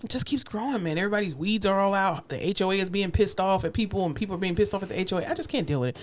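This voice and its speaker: A woman's voice: mid-range voice, racing. A woman co-hosting a podcast, telling stories in casual chat, acting out other people's voices and swearing freely. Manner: animated storyteller, acts out voices, swears freely. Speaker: podcast co-host.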